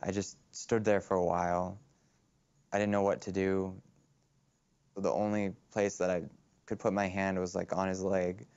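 A young man speaking in a documentary interview, recalling events quietly and haltingly with frequent restarts. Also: sits low, level tone, clear, resonant tone. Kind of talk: documentary testimony. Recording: slightly muffled film audio.

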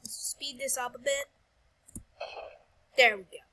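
A woman's voice: high-pitched, steady tone, slow, sharp tone, rough recording. A woman giving casual, playful commentary over her gameplay, talking to herself and dropping whispered asides.

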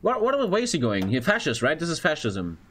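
Excitable swearing man reacting. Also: a little high, fairly quick. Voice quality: loud, swearing, excitable outbursts. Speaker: streamer reacting to a video. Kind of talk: casual reaction commentary.

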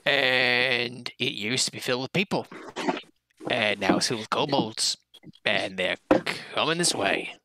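A man's voice: mid-range voice, a little slow, bright, forceful tone, slight background noise. A man voicing a foul-mouthed goblin guide at a fort, blunt and offhand. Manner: blunt, casual, dismissive.

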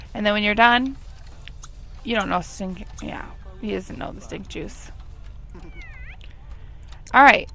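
Young woman, gravelly tone, chatty let's play commentator who talks to her characters and giggles a lot. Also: mid-range voice, sharp tone. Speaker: gameplay commentator.

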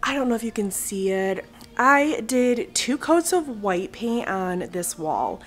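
A woman's voice: medium pitch, big pitch swings, slow pace, faint music behind. Chatty woman vlogging from home. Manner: chatty, rambling, upbeat. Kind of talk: casual vlog chat. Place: her own living room at home.

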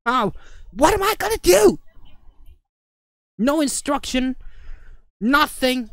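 A gamer commenting on a horror game in broken, second-language English, swearing and shouting at the screen. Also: sits high, big pitch swings, slow, no room sound, clean studio sound. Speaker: let's play gamer.

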